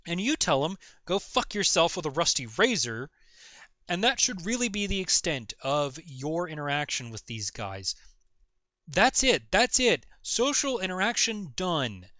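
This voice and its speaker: A man's voice: on the high side, pushed and bright, no room sound. A man ranting sarcastically in a reaction video, mocking and exasperated, swearing often. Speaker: video commentator. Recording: dull lo-fi recording.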